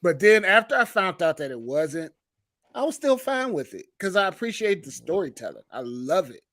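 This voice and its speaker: A man co-hosting a podcast, calmly sharing a memory in casual chat. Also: high-pitched, moderate pace, no echo. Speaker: podcast co-host.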